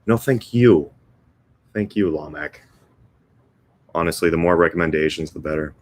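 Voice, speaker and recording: Young male streamer, deep and easygoing, casual banter with viewers. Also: normal speed. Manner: laid-back, joking, chuckles often. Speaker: livestream host and guitarist. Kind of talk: casual livestream chat reading comments.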